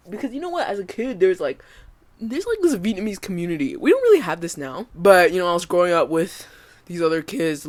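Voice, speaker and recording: A woman in her twenties from Canada, telling a story in casual vlog chat, emotional, laughing often and swearing freely. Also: on the low side. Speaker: vlogger.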